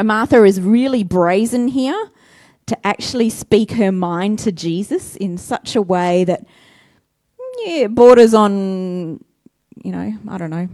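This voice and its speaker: A woman's voice: mid-range voice, a little mellow, no echo, studio quality. Woman preaching in a conversational way. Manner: conversational, self-deprecating, rhetorical questions. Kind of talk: sermon.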